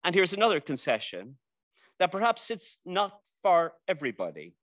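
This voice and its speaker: A man's voice: high voice, wildly swooping pitch, normal speed, fairly bright tone, dry recording. A man with an Irish accent, a university teacher, giving a prepared persuasive speech at an indoor library event, wry and rhetorical, with dry jokes and long lists. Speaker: debate speaker championing a classic novel.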